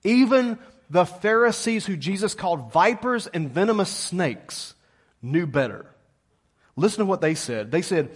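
A middle-aged man preaching a sermon as pastor, lively and calling on the congregation to answer back. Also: high-pitched, normal speed, pauses often, slightly rough. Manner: lively, calls congregation to respond.

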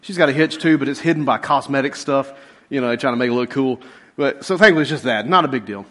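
A middle-aged man, a pastor, telling a funny personal story in a sermon and swinging from loud outbursts to hushed asides. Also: mid-range voice, fast. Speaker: pastor and police chaplain.

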